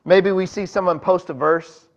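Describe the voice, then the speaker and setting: A man's voice: high-pitched, steady tone, moderate pace, muffled recording. A man preaching a sermon in a conversational way, talking to the congregation and acting out voices from the story. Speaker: pastor.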